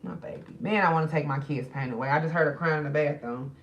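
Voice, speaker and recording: A woman's voice: low-pitched, fast talker, lo-fi sound. A middle-aged woman talks loosely and directly to her viewers in a casual livestream chat. She is grieving and subdued. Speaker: spiritual reader streaming live.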